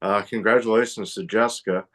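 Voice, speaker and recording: A man co-hosting a casual racing podcast. His voice sits low. He talks in a relaxed, matter-of-fact way. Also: fairly quick. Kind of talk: casual chat.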